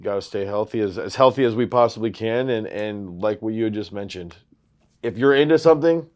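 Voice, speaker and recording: A man in his thirties co-hosting a throws podcast, talking casually and telling stories with rising excitement. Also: fairly low pitch, brisk. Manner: animated storyteller, loud when excited. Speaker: throws coach, podcast co-host. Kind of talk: casual sports chat.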